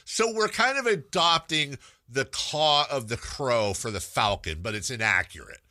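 A man hosting a sports radio show in casual, animated banter, laughing often and breaking into mock bird calls. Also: mid-range voice, unhurried, dry recording. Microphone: studio radio mic.

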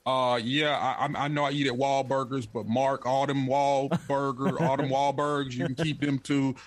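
A man ranting emphatically on a sports podcast, stammering as he builds up steam. His mid-pitched voice is recorded dry and close. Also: level tone, moderate pace, no echo. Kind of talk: casual sports banter.

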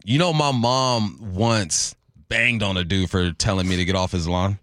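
A man in his late thirties, co-hosting a sports talk radio show with animated, jokey rants. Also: sits low, moderate pace, dry recording, clean studio sound. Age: 30s.

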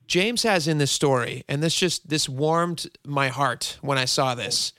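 A male radio host with a bright, forceful voice, recorded dry in the studio. He is upbeat and steers his guest with leading questions. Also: fairly high pitch, a little slow, no echo. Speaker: radio talk show host. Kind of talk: radio interview.

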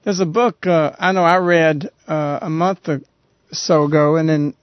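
A man hosting a radio talk show, earnestly retelling a story in a halting, conversational way. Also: fairly high pitch, fairly even intonation, no room sound. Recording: dull, lo-fi radio recording.

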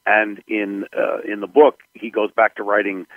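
An older man with a gravelly, lowish voice recalls his films in an interview. He tells his stories slowly and with many fillers. The sound is dry and thin, like it comes over a phone line. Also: little pitch movement, no echo. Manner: gravelly, unhurried storytelling with fillers. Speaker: film director. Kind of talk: interview recollections.

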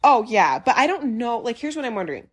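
A young woman co-hosting a podcast, telling stories in an animated way, laughing and acting out quotes. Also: a little high, fast, husky. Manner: animated, laughing storyteller who acts out quotes. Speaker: podcast co-host. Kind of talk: casual chat.

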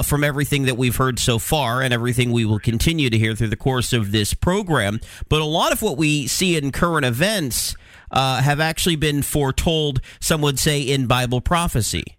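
A man's voice: mid-range voice, expressive, normal speed, fairly bright tone, no echo. Sarcastic male talk host, dry close sound. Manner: sarcastic, plain-spoken, with fillers. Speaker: podcast host. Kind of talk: news-commentary talk show.

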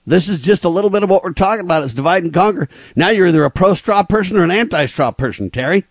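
A man hosts a talk radio show with a fairly high voice that sits close and dry on the studio mic. He delivers his commentary emphatically and a little preachily, speeding up in quick bursts. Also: expressive, no room sound.

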